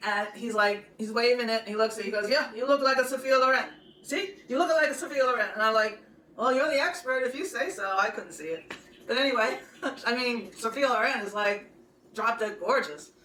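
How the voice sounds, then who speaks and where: A woman's voice: on the high side, pushed and bright. A woman in her sixties telling a long personal story in a chatty, rambling way, often laughing. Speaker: podcast host. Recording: roomy, distant from the mic, faint noise.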